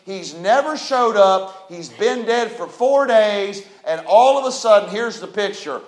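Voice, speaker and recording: Male preacher, very high voice, folksy and emphatic, echoey church. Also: animated, unhurried. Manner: folksy, emphatic, rising to shouts. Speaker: pastor. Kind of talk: sermon.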